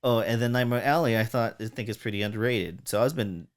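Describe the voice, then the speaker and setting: A man's voice: on the low side, fast talker. A man co-hosting a podcast, chatting casually about films in a loose, rambling way and swearing freely. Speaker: podcast co-host. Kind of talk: casual film review chat.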